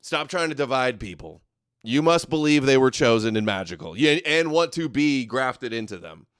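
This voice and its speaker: A man's voice: medium pitch, animated, normal speed, a bit bright, clear, resonant tone, dry recording, studio quality. Sarcastic male livestream host. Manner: sarcastic, mocking, laughs often. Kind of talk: livestream commentary reading donations.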